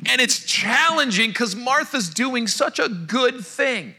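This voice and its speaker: A man preaching a sermon, telling an illustration with animated energy and dropping to soft, hushed tones for emphasis. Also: very high-pitched, takes it slowly, husky. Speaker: pastor.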